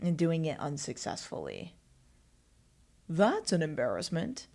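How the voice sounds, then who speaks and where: A woman's voice: low-pitched, huge pitch swings, unhurried, vocal fry, a little mellow. A woman hosting her own podcast, rambling and self-mocking in casual solo chat. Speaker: podcast host.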